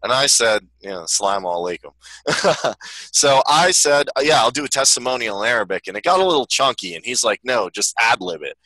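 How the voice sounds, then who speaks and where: Bright, joking male podcast co-host. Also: mid-range voice, lively intonation, brisk, no room sound, poor audio. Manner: laughs often, slips into comic voices. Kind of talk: joking casual chat.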